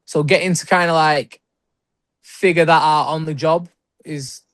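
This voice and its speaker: A young British man talks through his stories in a loose, rambling way, leaning on "like" and quick laughs. His voice sits a little high for a man, and the recording is close and dry with no room sound. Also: steady tone, fairly bright tone, dry recording. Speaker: guest wrestler. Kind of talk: casual interview chat.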